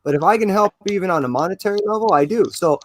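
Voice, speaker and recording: A man's voice: high voice, fast. A man earnestly rambling to friends on a call, restarting his sentences often. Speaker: comic artist. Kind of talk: casual group video call chat.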